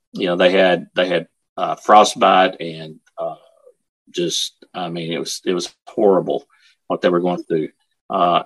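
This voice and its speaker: A man earnestly telling a story, emphatic and halting, often repeating himself. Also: deep voice. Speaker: speaker telling his father's war story. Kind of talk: storytelling talk.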